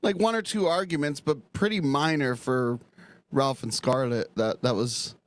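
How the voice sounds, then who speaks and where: A man in casual stream chat, hesitant and often restarting his sentences before landing a dry joke. His voice is ordinary in pitch for a man. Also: a little slow, dry recording.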